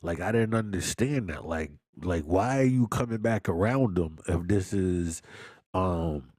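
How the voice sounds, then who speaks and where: A man with a very deep voice talks through a movie review in an easy, unhurried drawl. His talk is loose and slangy, full of repeats and quick laughs. The sound is dry and close, with no room in it. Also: darkish tone, no room sound. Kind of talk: casual chat.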